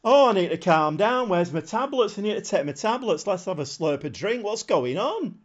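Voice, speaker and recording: Excitable male streamer, fairly high voice, slightly muffled lo-fi mic, live match commentary. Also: normal speed. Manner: excitable, shouts at the screen. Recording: slightly dull lo-fi sound.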